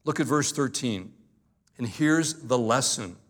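Man, pastor, sermon, earnest, emphatic, slows for emphasis, middle pitch. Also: lively intonation, fairly bright tone. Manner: earnest and emphatic, slowing down to stress key words.

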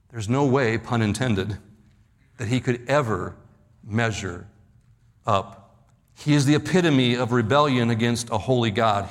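Man preaching slowly in a reverberant hall. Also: medium pitch. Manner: slow emphatic preaching, drops voice on key words. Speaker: pastor. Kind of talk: sermon.

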